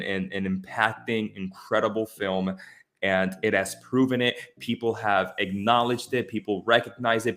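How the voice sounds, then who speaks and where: Guy on a film podcast, kinda low voice, gets worked up and restarts a lot. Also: a bit bright. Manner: impassioned and emphatic, with repeated restarts. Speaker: podcast co-host. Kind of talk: casual film discussion.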